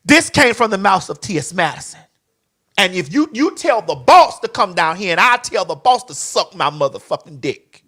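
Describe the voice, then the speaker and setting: A woman from Atlanta speaks, brash and profane. She tells stories with loud, animated bursts at a middling pitch. Her talk swings between loud and soft. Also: moderate pace. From Atlanta, Georgia, USA. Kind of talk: casual podcast chat.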